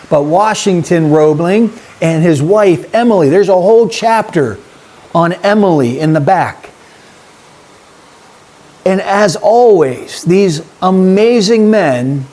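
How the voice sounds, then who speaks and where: A YouTube host with a slightly high, darkish voice talks straight to his viewers in a casual vlog, rambling and chatty.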